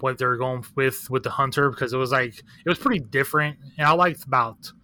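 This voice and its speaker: Bright-voiced man rambling casually. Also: medium pitch, fairly quick, dry recording. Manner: candid, profane, rambling with many fillers. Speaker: guest, record shop owner. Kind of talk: casual chat.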